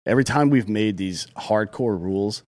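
A man's voice: lowish voice, normal speed, darkish tone. A man co-hosting a podcast, talking bluntly and heatedly with plenty of swearing. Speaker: podcast co-host. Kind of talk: casual profane opinion talk.

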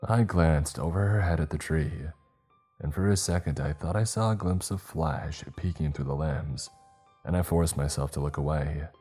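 A man reading a first-person horror story in a measured, low-key way. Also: mellow, husky, soft background music.

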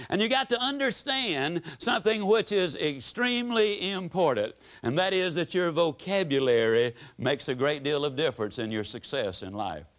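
A man from the United States giving a motivational lecture to a live audience, with a folksy, dramatic delivery that swings widely in pitch and loudness. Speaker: motivational speaker.

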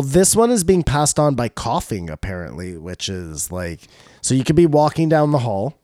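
A man's voice: medium pitch, mellow, no room sound, clean studio sound. A man co-hosting a podcast, joking and teasing his friends in casual banter. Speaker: podcast co-host.

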